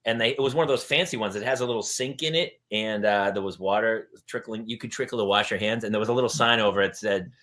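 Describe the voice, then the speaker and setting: A man hosting a parenting talk show, telling comic stories and acting out the people in them with loud shouted voices. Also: on the low side, fast, hardly any pauses. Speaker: podcast host. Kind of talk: comedic storytelling chat.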